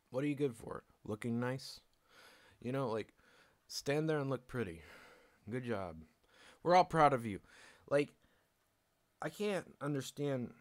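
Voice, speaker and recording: A man streaming alone, ranting bluntly with lots of swearing and laughter, acting out both sides of conversations. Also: mid-range voice. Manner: blunt, swearing, laughs often, acts out exchanges. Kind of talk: casual ranting monologue.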